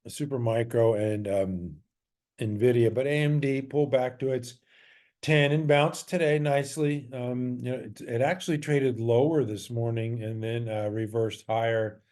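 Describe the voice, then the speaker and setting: A man's voice: mid-range voice, steady tone, unhurried, darkish tone. A man who trades stocks, casually walking through his trades and charts in a loose, chatty way with frequent fillers and self-corrections.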